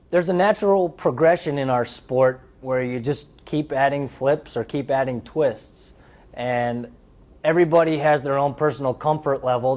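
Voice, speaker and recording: A young man in his twenties speaks in an easygoing interview tone, mid-pitched and unhurried. He talks candidly about his sport, slipping into playful anecdotes now and then. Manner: relaxed, candid storytelling with playful bits. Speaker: athlete interviewee. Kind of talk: casual interview talk.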